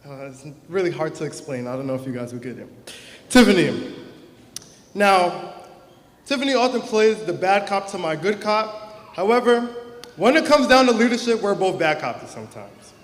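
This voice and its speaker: A young man, class president, giving an earnest, heartfelt prepared speech at a graduation ceremony into a stage microphone. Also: high-pitched. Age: young adult. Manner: earnest, heartfelt, emotional at times. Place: large hall or auditorium. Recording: echoey hall with long reverb.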